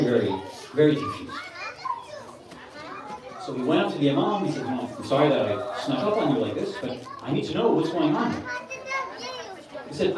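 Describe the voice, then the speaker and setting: A man giving an earnest, conversational sermon at a religious gathering, mixing in Arabic religious terms. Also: on the high side. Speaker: speaker at a Muharram gathering. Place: large hall with a gathering. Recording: echoey hall, from far off.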